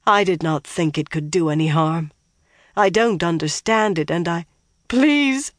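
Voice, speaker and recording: A reader doing a sobbing, begging seamstress. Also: female voice, low voice, moderate pace, no room sound, clean studio sound, close to an everyday voice. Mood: weary. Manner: begging, breaking into sobs. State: crying. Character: frightened pleading woman seamstress, sobbing.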